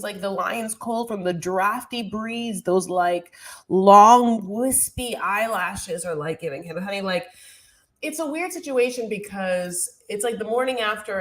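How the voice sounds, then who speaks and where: A woman co-hosting a podcast over a video call, rambling with lots of fillers and mocking herself in casual chat. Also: medium pitch. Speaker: podcast co-host.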